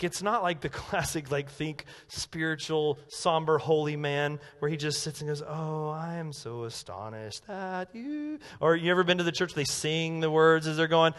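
High-voiced preacher in a reverberant church. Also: male voice. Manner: animated, swinging from quiet to loud emphatic. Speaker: pastor. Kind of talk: sermon.

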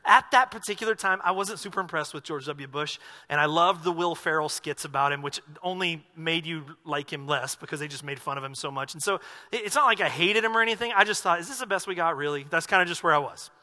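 A man's voice: a little high, fast talker, pushed and bright, big-room sound. A man from the American South preaching a sermon as pastor, in a conversational, jokey storytelling manner.

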